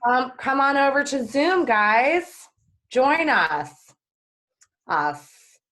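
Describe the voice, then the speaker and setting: A woman's voice: sits high, very animated, takes it slowly, fairly bright tone. A woman from New York with a slight lisp, a guest on a casual livestream call, playful and chatty. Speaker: guest performing artist. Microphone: video call.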